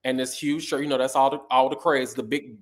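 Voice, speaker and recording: A middle-aged man telling stories in a casual interview, animated and sassy, acting out quotes. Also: medium pitch, brisk. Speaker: guest.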